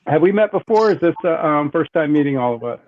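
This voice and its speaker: A man's voice: on the high side, lively intonation, fast talker. An older man hosting a live psychic show, chatty and repeating himself as he greets a caller over a video call. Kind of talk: casual live-stream chat. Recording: tinny phone-like call audio with faint noise.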